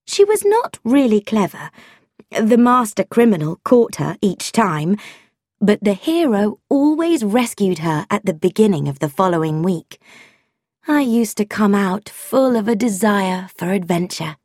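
A woman narrating a story in the first person, with a wry, expressive manner. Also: medium pitch, measured pace, no echo, clean studio sound. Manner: expressive, wry, with voiced dialogue.

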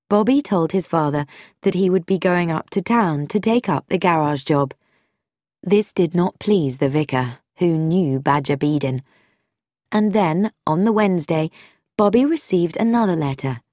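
A woman narrating an audiobook in clear, measured storytelling. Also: on the low side, a little mellow, dry recording, clean studio sound.

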